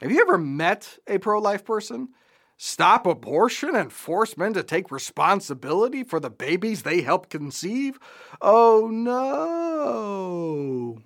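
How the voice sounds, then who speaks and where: A man's voice: high voice, very animated, normal speed, a bit bright. A man hosting a scripted political commentary show, delivering it with sarcastic, mocking asides.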